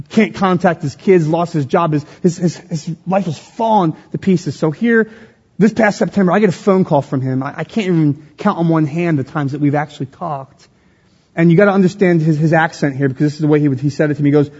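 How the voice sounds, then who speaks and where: High-voiced preaching man, husky. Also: moderate pace. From Philadelphia, USA. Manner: expressive preaching with a call-and-response tone. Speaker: pastor. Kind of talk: sermon. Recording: dull lo-fi sound with long hall reverb.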